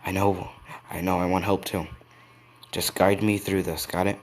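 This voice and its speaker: A man voicing an earnest young male hero in training, speaking plainly and quickly. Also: sits low, level tone, lightly acted.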